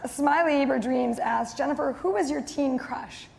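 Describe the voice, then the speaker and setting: A woman with a high, creaky voice moderates a live audience Q&A at a moderate pace, reading out questions with giggles and hesitant fillers. Crowd noise and faint background noise come through, along with a hall's long reverb.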